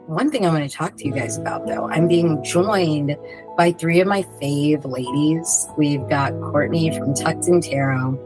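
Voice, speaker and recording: A woman's voice: on the low side, poor audio. A woman hosting a casual podcast chat, bubbly and loose, peppering her talk with "like" and the odd swear word. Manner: bubbly, swears freely, lots of "like". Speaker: podcast host.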